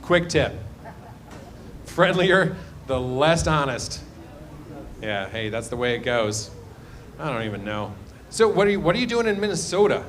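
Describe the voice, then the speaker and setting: A man's voice: fairly high pitch, sing-song, unhurried, pauses often, fairly bright tone. A man doing live stand-up crowd work, rambling and self-deprecating, often trailing off. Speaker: stand-up comedian. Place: live comedy show.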